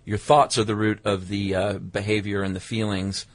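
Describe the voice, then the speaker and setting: A man's voice: on the low side, little pitch movement, moderate pace, dry recording. A middle-aged man co-hosting a podcast, chatting casually and reading listener mail in an easygoing way. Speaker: podcast co-host. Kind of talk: casual chat.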